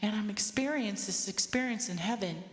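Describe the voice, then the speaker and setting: A woman's voice: mid-range voice, brisk. A woman in her fifties giving a personal testimony to an audience, earnest and conversational, with asides to her listeners. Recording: echoey hall with long reverb.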